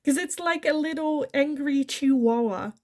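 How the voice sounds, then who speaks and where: A woman with a fairly high voice talks through a pick-a-card tarot reading. She keeps it chatty and giggly, slipping into little voices to act out what people might say. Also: moderate pace. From Netherlands. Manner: chatty, giggly, acts out quoted lines. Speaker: tarot reader.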